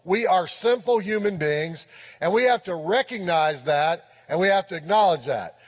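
A man with a high voice preaching a sermon with emphasis and repeating his points for weight. He is recorded in a church with a long, lingering reverb. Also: animated, moderate pace. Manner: emphatic, repeats key phrases. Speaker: pastor.

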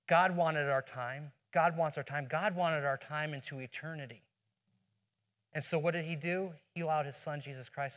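A man's voice: a little high, a bit bright. A man preaching a sermon as pastor, earnest, asking rhetorical questions and often restarting his phrases. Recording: long hall reverb.

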